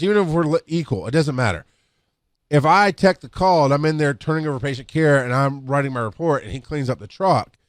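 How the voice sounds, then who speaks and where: A man's voice: mid-range voice, no echo, studio quality. A middle-aged man, an EMS instructor telling rambling work stories into a podcast microphone, with many restarts. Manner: rambling, with restarts and acted-out quotes. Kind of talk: casual storytelling talk.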